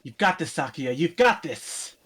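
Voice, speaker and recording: A man reads the part of a jittery woman maid who keeps insisting she is fine. The voice sits fairly high and stays politely composed over her nerves. It is a casual fan story reading. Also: very animated, moderate pace, fairly bright tone, slightly rough, heavily acted. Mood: nervous. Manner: trying to sound composed while nervous. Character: nervous, shaky woman maid.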